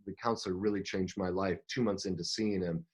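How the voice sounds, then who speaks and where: A middle-aged man, a coach and podcast guest, telling his own story in an emotional, animated way, with frequent restarts. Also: sits low, a little fast. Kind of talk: storytelling interview talk.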